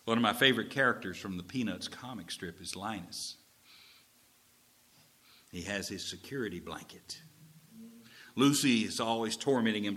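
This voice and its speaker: A man preaching a sermon as pastor, animated, with folksy asides to the congregation. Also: on the low side.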